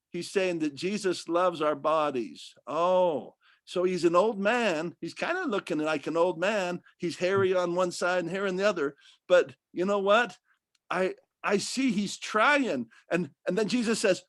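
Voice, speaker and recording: A man talking casually and at length about faith and art, rambling and animated, often restarting his sentences. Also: sits high, measured pace, no echo.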